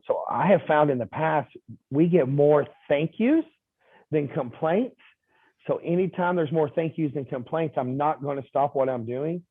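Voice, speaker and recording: A man recounts sales anecdotes in an easygoing interview, slipping into the voices of the people he quotes and padding his sentences with ums and uhs. His voice sits a little high for a man. The sound is dry and thin, like a phone call. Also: no echo. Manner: lively anecdotal telling with quoted dialogue and fillers. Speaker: insurance agent guest. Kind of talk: casual interview storytelling. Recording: tinny phone-like line.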